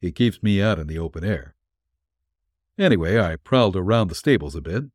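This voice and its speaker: A man's voice: low voice, lively intonation, brisk, darkish tone, dry recording, studio quality. A man reading a vintage pulp story aloud in a wry, hard-boiled first-person manner. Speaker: narrator.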